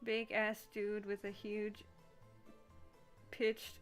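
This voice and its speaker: A woman streaming a visual novel, reading it aloud and adding soft, amused asides. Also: medium pitch, completely flat delivery, drawn-out words, soft background music.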